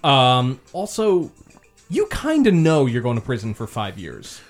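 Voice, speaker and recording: A man trades casual, profane jokes with his co-host on a comedy podcast, and his remarks come out dry and wry. Quiet music plays low in the background. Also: wildly swooping pitch, a little slow.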